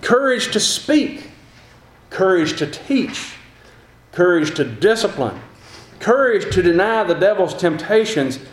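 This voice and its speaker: A man preaches a sermon in a notably high voice, stacking earnest, repetitive phrases as he drives each point home. The sound carries the echo of a roomy hall. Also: sing-song, slow, slight background noise. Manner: earnest, repetitive rhetorical build-ups.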